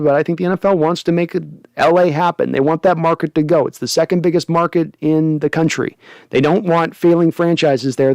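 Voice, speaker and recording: A man hosting a casual sports livestream, reading out viewer comments with animated, joking chat. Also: on the high side, dry recording. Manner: animated, jokey, reads chat aloud. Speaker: host.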